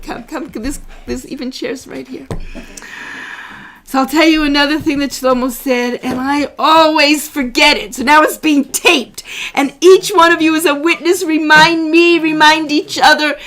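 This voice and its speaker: A woman's voice: sits high, steady tone, a little slow. A middle-aged woman, a rebbetzin, giving a heartfelt religious class to a small room, emotional and fond of repeating her phrases. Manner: emotional, repeats phrases, warmly greets arrivals.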